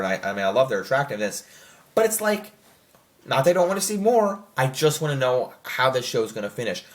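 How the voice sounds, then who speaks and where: Rambling man reviewing a show. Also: medium pitch. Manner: rambling, filler-heavy, self-correcting. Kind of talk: casual spoken review.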